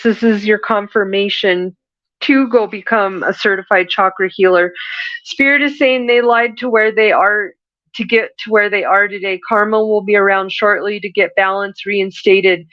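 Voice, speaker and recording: A woman's voice: on the high side, dry recording, muffled recording. A woman hosting a podcast, giving a spiritual reading in an earnest, preachy manner that rambles with restarts. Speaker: spiritual reader and podcast host. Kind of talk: channeled spiritual message monologue.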